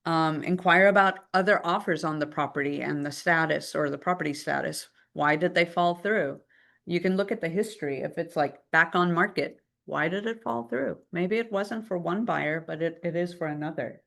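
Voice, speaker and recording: A woman's voice: fairly low pitch, normal speed, creaky. A woman leading a live real estate training class, talking casually and acting out phone calls with other agents. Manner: lively, conversational, acts out phone calls.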